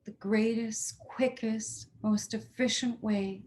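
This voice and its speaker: A woman's voice: fairly high pitch, fairly even intonation, darkish tone, slight background noise. A woman leading a guided chakra healing meditation, speaking soothing affirmations for listeners to repeat. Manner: slow, soothing, affirming, leads repeat-after-me statements.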